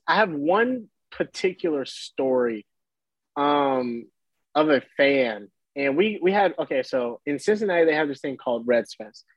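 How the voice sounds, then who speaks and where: Young male ballplayer guest, husky and a bit high-pitched, lively storyteller with a dry sound. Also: no room sound. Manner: animated, acts out voices in his story, laughs often. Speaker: baseball player guest. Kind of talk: casual storytelling.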